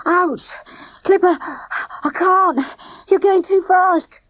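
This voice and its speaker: Storybook: flustered plump young boy, high and eager, voiced by a woman narrator. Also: expressive, moderate pace, no echo, poor audio. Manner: breathless, pleading, complaining.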